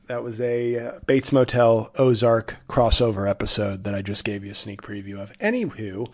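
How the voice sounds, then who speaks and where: This podcast host speaks in a mid-range voice at a moderate pace. He delivers a loose, meandering comic monologue, frequently interrupting himself and beginning again.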